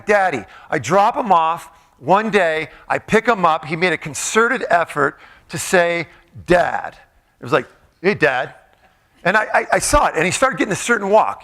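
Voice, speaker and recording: In an event room with tables of listeners, a middle-aged man working as a motivational speaker jokes with and directs the live crowd in an interactive, comedic talk. He speaks briskly in a high-pitched voice, bright and forceful.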